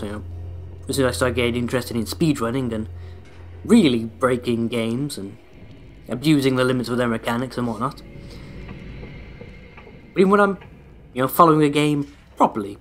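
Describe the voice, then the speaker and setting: A young man chats his way through a video game, wandering off on tangents and poking fun at himself with a dry wit. He sits at a middling pitch, and faint game music plays under his voice. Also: a little fast. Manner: rambling, dry self-deprecating humour, addresses viewers. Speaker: let's play host. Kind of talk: casual gameplay commentary.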